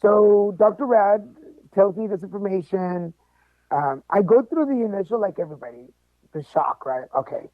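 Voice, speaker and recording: A man telling a personal story as a podcast guest, animated and joking along the way. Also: sits high, moderate pace, no echo. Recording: tinny phone-like line, dry.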